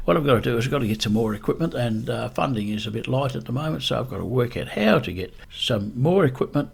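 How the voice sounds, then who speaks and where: A man practicing a voiceover, speaking low and deep close to the microphone in a deliberate, repetitive self-coaching way. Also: gravelly, breathy edge. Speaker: YouTube creator.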